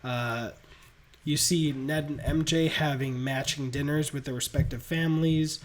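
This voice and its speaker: A male podcast host walking through a movie pitch in animated storytelling, chuckling between beats. His voice sits a bit high for a man. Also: measured pace. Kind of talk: casual movie pitch narration.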